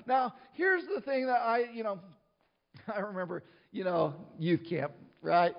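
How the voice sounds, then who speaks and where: A man's voice: extremely high pitch, lively intonation, moderate pace, muffled recording. A middle-aged man preaching a sermon to his church, in a conversational style with frequent restarts and asides. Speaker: pastor.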